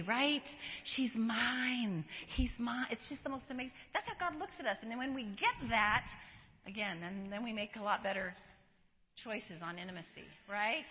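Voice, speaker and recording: A middle-aged woman giving an animated, chatty church teaching talk and laughing often. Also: fairly high pitch. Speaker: women's ministry speaker. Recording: echoey hall, dull lo-fi recording.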